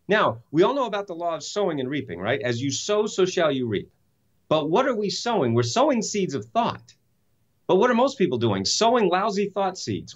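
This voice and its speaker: A man's voice: on the high side, highs cut off. A man speaking as an interview guest, telling a story with enthusiasm and emphatic rhetorical questions. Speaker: guest, self-help author and speaker.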